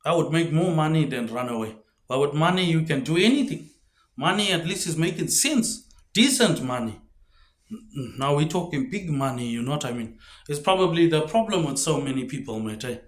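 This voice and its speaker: A man's voice: expressive, moderate pace. Rambling man in an echoey room. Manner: rambling, drops pitch and volume on tag words like "mate". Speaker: video host. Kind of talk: rambling monologue.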